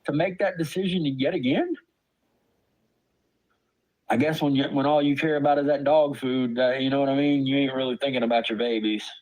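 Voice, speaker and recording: A man's voice: mid-range voice, fairly even intonation, normal speed, darkish tone, rough recording. A man, a father, ranting angrily to his stream, swearing hard and stammering in disbelief. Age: adult parent. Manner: angry, profane, stammering with disbelief. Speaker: streamer ranting about online drama. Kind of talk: heated profane rant.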